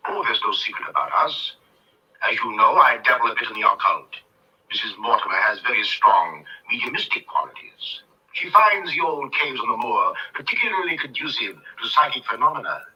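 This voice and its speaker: An actor playing an earnest, measured country doctor who dabbles in the occult, in 1930s film acting. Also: male voice, mid-range voice, big pitch swings, pushed and bright, dull audio. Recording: distant old film soundtrack, faint hiss.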